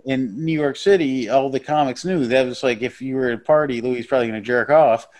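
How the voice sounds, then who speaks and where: A man with a mid-range, slightly dark voice talks a little quickly. He's a stand-up comedian guesting on a podcast, chatting casually in a blunt, rambling, profane way.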